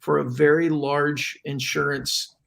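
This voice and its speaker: Gravelly man with a higher voice. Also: level tone, slow, fairly bright tone. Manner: questioning, frustrated asides. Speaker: panelist. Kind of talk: casual panel discussion. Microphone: video call.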